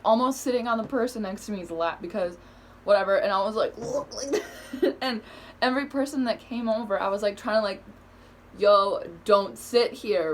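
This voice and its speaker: A woman's voice: mid-range voice, a little hiss or hum. A young woman telling bus stories to camera in a casual, profane, rambling way, full of "like" and calling herself awkward. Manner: profane, rambling, heavy use of "like"; self-described awkward. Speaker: vlogger.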